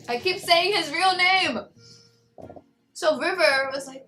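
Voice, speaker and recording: A young woman with a slight Spanish accent, telling a personal story in a casual, animated vlog chat. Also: extremely high pitch, unhurried, pauses often, faint music behind, rough recording. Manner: chatty, animated, quoting others in raised voice. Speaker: vlogger.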